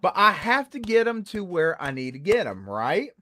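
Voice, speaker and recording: A man talking as a guest about working haunted attractions, telling stories with playful swings between high and low voices. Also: sing-song, normal speed, pushed and bright, no echo, studio quality. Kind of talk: animated storytelling chat.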